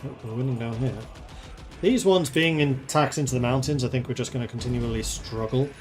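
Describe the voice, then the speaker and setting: A man's voice: mid-range voice, a little fast, faint music behind. A man streaming a strategy game, thinking aloud in a chatty, playful way as he plays. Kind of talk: casual gameplay commentary.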